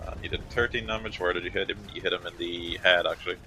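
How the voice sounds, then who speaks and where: Game master: low-pitched man, bright and forceful tone, casual filler-heavy narration, faint noise. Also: steady tone, fast talker, rough recording.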